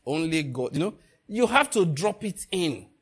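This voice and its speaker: A middle-aged male preacher giving a sermon, swinging between hushed emphasis and loud bursts, laughing often. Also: on the high side, sing-song, a little slow, slightly rough.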